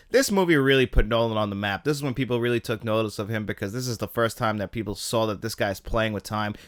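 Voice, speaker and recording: A man's voice: on the low side, a bit bright, clear, resonant tone, no room sound, clean studio sound. A man hosting a film podcast, giving casual, opinionated commentary in an enthusiastic, chatty way. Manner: enthusiastic, chatty, laughs at his own jabs. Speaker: podcast host ranking films.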